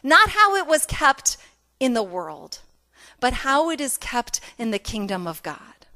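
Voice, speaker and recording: A woman's voice: sits high, big pitch swings, measured pace, bright, forceful tone. A woman pastor preaching a sermon in a conversational, self-deprecating way, with emphatic repetition.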